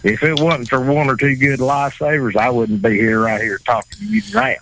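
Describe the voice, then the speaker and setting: A man's voice: medium pitch, lively intonation, fairly quick, a bit bright, slight background noise, low-quality recording. A man with a Southern accent, a former bull rider talking as a guest on a talk show, blunt and profane, often repeating himself. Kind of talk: casual talk show chat.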